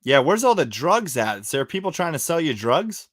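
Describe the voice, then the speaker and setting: Lively, dry-sounding podcast host guy. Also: fairly high pitch, normal speed, dry recording. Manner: profane, teasing storyteller. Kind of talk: casual podcast chat.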